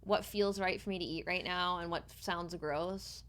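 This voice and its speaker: Animated young woman chatting casually. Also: lowish voice, moderate pace. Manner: animated, laughing often. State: pregnant. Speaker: streamer. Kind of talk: casual chat.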